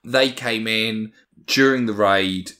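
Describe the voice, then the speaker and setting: A man's voice: lowish voice, takes it slowly, pushed and bright. A man co-hosting a podcast, mixing loose, swearing banter with storytelling about history. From Ireland. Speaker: podcast co-host. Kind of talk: casual chat and history storytelling.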